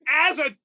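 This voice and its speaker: A man in his forties from California, co-hosting a movie podcast, rambling excitedly and laughing often. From Redlands, California. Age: 40s. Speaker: podcast co-host. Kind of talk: casual movie podcast chat.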